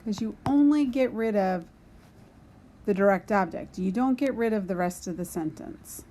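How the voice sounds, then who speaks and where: A woman's voice: mid-range voice, moderate pace, dark tone, slight background noise. A woman teaching a recorded grammar lesson, patiently explaining and talking to herself as she writes on a board. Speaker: Spanish teacher.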